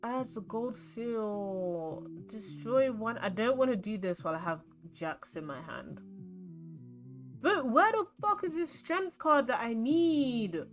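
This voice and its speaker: A woman's voice: fairly high pitch, slow pace, faint music behind. A young woman from London with a London accent, chatting and rambling as she plays a card game on stream. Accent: London English. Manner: chatty, rambling, animated storytelling. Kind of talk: casual chat while playing a card game.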